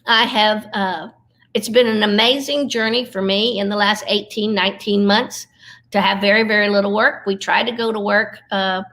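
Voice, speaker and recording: A middle-aged woman, giving an earnest, folksy devotional talk over a video call, slowing down for emphasis. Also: mid-range voice, fairly even intonation, fairly bright tone. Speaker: Christian comedian speaker.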